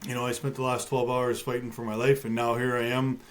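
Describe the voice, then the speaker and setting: A man's voice: mid-range voice, level tone, quick pace. A man, a guest on a talk show, telling a personal story in a matter-of-fact way with touches of light humor and frequent fillers. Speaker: guest, bear attack survivor.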